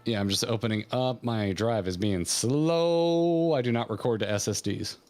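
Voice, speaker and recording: A man's voice: mid-range voice, moderate pace, a little mellow, soft background music. A man casually talking over a video game story with his co-host, reading its dialogue aloud and puzzling over it. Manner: reads game dialogue aloud, then muses over it thoughtfully. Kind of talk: casual gaming stream chat.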